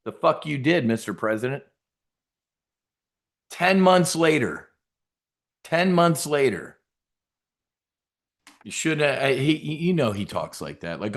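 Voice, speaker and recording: A man's voice: fairly low pitch, expressive, takes it slowly, long pauses. A middle-aged man hosting a trading show, giving blunt, profane, rambling live market commentary.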